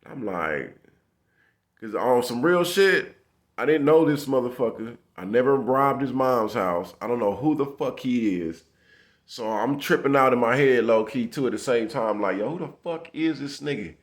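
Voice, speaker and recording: A man's voice: medium pitch, lively intonation, moderate pace. A man casually telling a tense street story in profane slang, acting out the dialogue as he goes. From Los Angeles area.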